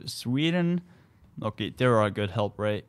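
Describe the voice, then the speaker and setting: A man from Estonia, a comedian and army sergeant, chatting casually in halting English full of fillers and restarts. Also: lowish voice, lively intonation. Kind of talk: casual podcast chat.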